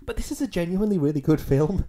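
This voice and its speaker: A man's voice: high voice, expressive, fast, mellow. A man co-hosting a podcast in casual chat, laughing often and acting out scenes he retells. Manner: laughs often, acts out scenes in silly voices. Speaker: podcast co-host.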